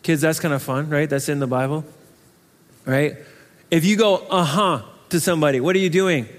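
High-voiced preacher in a reverberant hall. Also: male voice, a little fast. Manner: earnest, conversational, with rhetorical questions. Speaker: pastor. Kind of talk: expository sermon.

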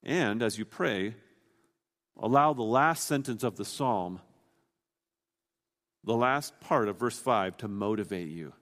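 A man's voice: on the low side, slow, pauses often, fairly bright tone, in a large hall. A man preaching a sermon, explaining a scripture passage in an earnest, teaching way, often restarting his sentences.

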